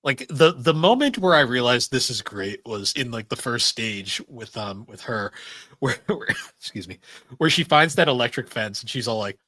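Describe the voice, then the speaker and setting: A man's voice: mid-range voice, lively intonation, moderate pace, pushed and bright, no echo. A man co-hosting a podcast in casual chat, enthusiastic, laughing and swearing often. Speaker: podcast co-host.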